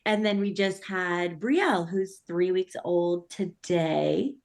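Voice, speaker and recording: A woman's voice: lowish voice, slow, gravelly, darkish tone. A young woman, a mother of three, chatting casually and filling her talk with "like" and "honestly". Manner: chatty, lots of fillers like "like" and "honestly". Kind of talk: casual conversation.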